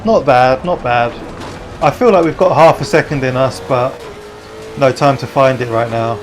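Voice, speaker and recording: A man's voice: mid-range voice, moderate pace, background noise. A young English man chatting with viewers and calling out friends during a live sim racing stream, matey and talkative.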